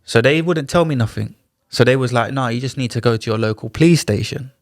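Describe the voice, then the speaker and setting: A man's voice: mid-range voice, quick pace, no room sound, clean studio sound. A man, a podcast guest telling a personal story in a casual, slang-heavy way and acting out the other people's lines. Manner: animated, slangy retelling with acted-out dialogue. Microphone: studio podcast mic.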